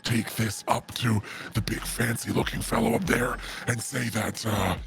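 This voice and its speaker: A man voicing a big, dim-witted male brute who talks about himself by name, slow and plodding. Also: mid-range voice, fairly even intonation, gravelly, a bit bright, a little hiss or hum, voice pushed down. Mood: slow, earnest.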